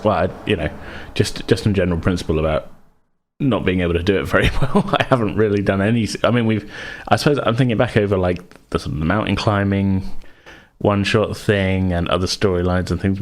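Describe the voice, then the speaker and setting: A man co-hosting a casual worldbuilding podcast, explaining ideas haltingly with frequent restarts. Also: low voice. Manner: hesitant, many restarts and fillers, laughs easily. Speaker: podcast co-host.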